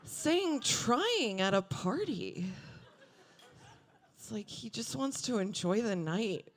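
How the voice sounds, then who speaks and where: A woman in her thirties doing a stand-up comedy set on a club stage, with deadpan asides and acted-out quotes. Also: mid-range voice. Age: 30s.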